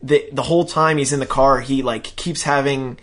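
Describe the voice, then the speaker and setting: Male podcast co-host, casual recap, animated storyteller, mid-pitch. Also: normal speed. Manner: chatty, animated retelling with quoted voices. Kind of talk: casual chat recapping a show.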